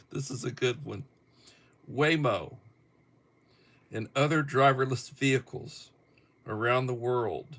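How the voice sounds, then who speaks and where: Brief: middle-aged man, livestream host, unhurried chuckling delivery, mid-pitched voice. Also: fairly bright tone. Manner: slow, chuckling, reads viewer topics aloud. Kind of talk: casual livestream chat.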